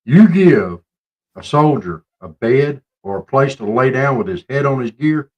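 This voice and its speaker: Ranting man with lively pitch. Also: measured pace, highs cut off. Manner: ranting, mocking, swings between loud outbursts and low mutters. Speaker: show co-host. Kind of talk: casual political chat.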